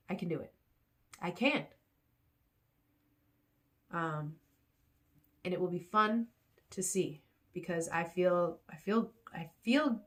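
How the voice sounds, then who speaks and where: A woman with a somewhat low voice talks to her camera in a loose, rambling vlog. She repeats her phrases over and over, giving herself a pep talk. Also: fairly bright tone. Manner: repetitive, self-encouraging, rambling. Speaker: vlogger.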